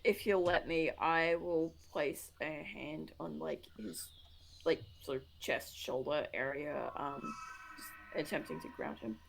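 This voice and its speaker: Female player, low gravelly voice, hesitant casual chat. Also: fairly even intonation, measured pace, slight background noise. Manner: chatty, hesitant with many fillers. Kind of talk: casual tabletop play.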